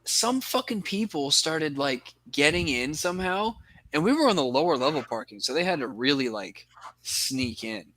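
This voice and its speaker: A man's voice: a little high, lively intonation, moderate pace, pushed and bright. A young man on a podcast, telling a story in rambling casual chat and swearing a lot. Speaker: podcast co-host.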